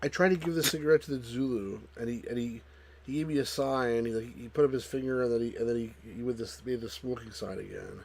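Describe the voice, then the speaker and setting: A man narrates his moves in a let's play, rushing and halting with frequent restarts. His voice runs fast with a gravelly, fried edge. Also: mid-range voice, darkish tone, slight background noise. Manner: halting, restarts mid-sentence. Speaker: co-host playing the game. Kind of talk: casual let's play commentary.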